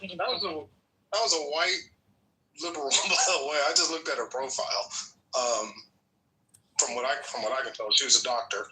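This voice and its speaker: A man's voice: mid-range voice, fairly quick, pauses often, pushed and bright, a little hiss or hum, rough recording. A man on a casual panel chat, blunt and offhand.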